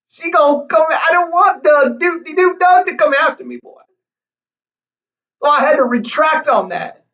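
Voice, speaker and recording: A man's voice: very high-pitched, pushed and bright, recorded from a distance, highs cut off. A man doing a comedic impression of an older male TV preacher, with a whiny, pleading drawl that repeats names over and over.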